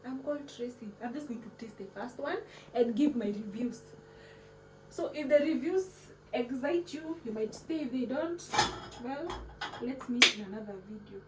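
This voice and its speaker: A woman hosts a casual cooking vlog. She talks in a chatty, playful way with a fairly high voice and slips words into her English. The recording is roomy and picks her up from across the kitchen, with clear background noise. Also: moderate pace. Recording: echoey room, mic at a distance, background noise.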